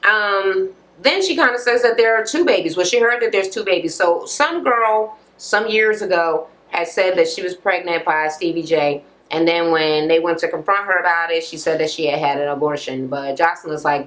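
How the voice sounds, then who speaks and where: A woman's voice: fairly low pitch, moderate pace, a bit bright, poor audio. A woman vlogger recapping a reality TV episode in casual, blunt, profane talk, full of fillers and asides.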